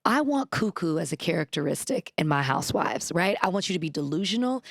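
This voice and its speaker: Animated woman telling a story. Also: mid-range voice, brisk, creaky, no room sound. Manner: animated storytelling with quoted voices. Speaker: podcast co-host. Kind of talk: casual chat recap.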